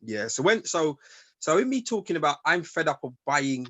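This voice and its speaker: A man argues emphatically, his speech full of street slang. His voice sits a little high and is recorded close and dry, with no room sound. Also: big pitch swings, moderate pace, fairly bright tone, dry recording. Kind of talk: casual group chat.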